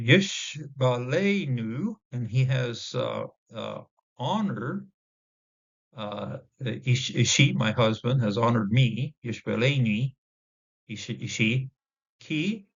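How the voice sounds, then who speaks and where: A man teaching a casual Bible word study, pausing often with fillers and restarting his sentences as he sounds out Hebrew words slowly. His voice has a gravelly fry, and the recording is dull and lo-fi. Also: medium pitch. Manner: halting, many fillers and restarts.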